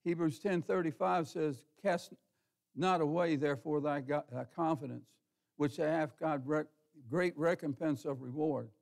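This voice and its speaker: A male pastor preaches in a church with a high-pitched voice and a gravelly edge. He talks to his congregation in a folksy, homespun way, says "ain't", throws out rhetorical questions and calls on people by name. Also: a little slow, a little mellow. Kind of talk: sermon. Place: church sanctuary.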